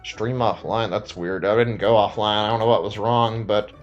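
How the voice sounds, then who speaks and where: A man's voice: fairly low pitch, steady tone, moderate pace, highs cut off, soft background music. A tired man streaming a video game, chatting casually and rambling with many filler words and restarts. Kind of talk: casual live-stream chat.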